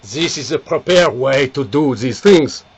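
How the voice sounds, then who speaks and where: A man's voice: mid-range voice, lively intonation, unhurried, a little hiss or hum. A man playing an amorous, theatrical Frenchman in a put-on French accent with broken English. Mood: boastful.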